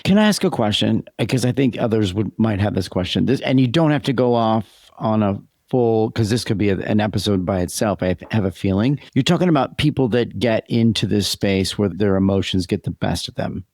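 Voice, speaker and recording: A man co-hosting a podcast with his wife, agreeable and a bit halting, with lots of yeahs and restarts. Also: fairly low pitch, darkish tone, dry recording, clean studio sound. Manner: agreeable, halting, backchannels a lot. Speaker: podcast co-host. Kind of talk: conversational podcast chat.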